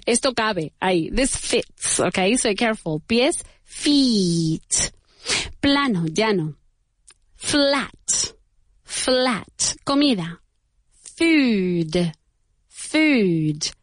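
A woman teaching English pronunciation to beginners, saying each word slowly and repeating it. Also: medium pitch, big pitch swings, no echo. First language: Spanish. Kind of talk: bilingual pronunciation lesson for beginners.

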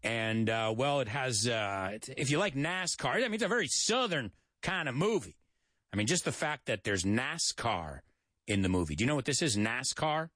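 A man's voice: medium pitch, sing-song, normal speed, fairly bright tone, dry recording, studio quality. Chatty American man teaching English. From United States. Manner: chatty, jokey, repeats and spells out words. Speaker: English teacher and show host. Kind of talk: casual English lesson for Spanish speakers.

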